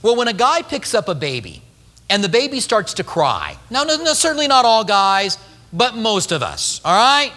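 A male pastor preaching a sermon, telling a story with lively acted-out quotes. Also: sits high, normal speed, long reverb tail.

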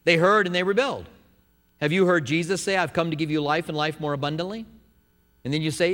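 A man's voice: a little high, fairly quick, long pauses, a bit bright, in a large hall. A man preaching a sermon in a church, earnest and conversational, often restarting his phrases. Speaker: pastor. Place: church sanctuary.

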